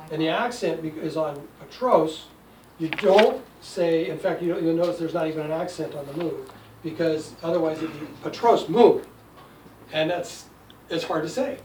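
Older male teacher in an echoey room. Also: fairly high pitch. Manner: patient, explanatory, wry asides. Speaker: Greek teacher. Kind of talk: classroom lesson. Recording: echoey room, distant mic, faint noise.

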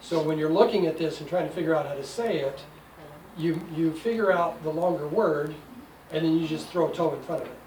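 A man's voice: on the high side, a little fast, a little mellow. A man in his sixties teaching a classroom lesson, explaining patiently with wry asides. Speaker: Greek teacher. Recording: echoey room, distant mic, faint noise.

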